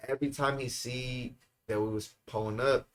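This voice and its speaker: A young man from California spins a rambling story in loose, slangy talk. He swears freely and drops into his friends' voices as he goes. His pitch sits in a middle range. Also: steady tone, normal speed. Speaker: guest storyteller. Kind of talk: casual storytelling chat.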